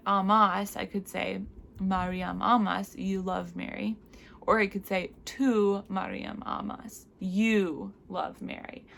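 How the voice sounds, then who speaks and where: A woman's voice: mid-range voice, gravelly, fairly bright tone, slight background noise. A woman teaching a Latin grammar lesson for a recorded class, explaining patiently with frequent fillers.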